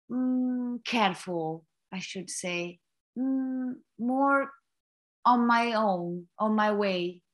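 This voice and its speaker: A woman from Italy with an Italian accent, an actress answering interview questions, often pausing to search for words. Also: on the high side, fairly bright tone. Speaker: actress, guest.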